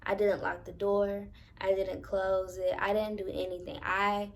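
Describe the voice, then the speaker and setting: Telling her viewers a personal paranormal story, this young vlogger is animated and dramatic, cursing freely along the way. She speaks slowly in a gravelly mid-range voice with hardly any pauses.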